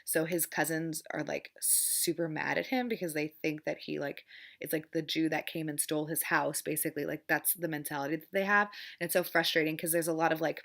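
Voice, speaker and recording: A young woman chats through her monthly book wrap-up in a bright, slightly low voice with a gravelly edge. She rambles, restarts her sentences, leans hard on "like" and "frustrating," and breaks into laughter often. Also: fairly even intonation, a little fast. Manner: rambling, many fillers and restarts, repeats "frustrating". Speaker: book vlogger.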